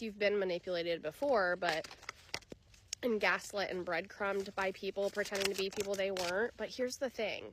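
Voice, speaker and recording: A woman giving a casual channeled tarot reading to the viewer, blunt and quick to swear, with lively laughing asides. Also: mid-range voice, background noise. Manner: animated, bursts of laughter and acted asides. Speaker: tarot reader.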